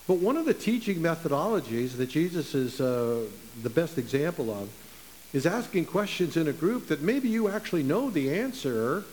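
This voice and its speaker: Conversational preacher in an echoing hall. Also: male voice, a little high, a little mellow. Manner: conversational, emphatic, with repeated phrases. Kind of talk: sermon. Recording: long reverb with faint hiss.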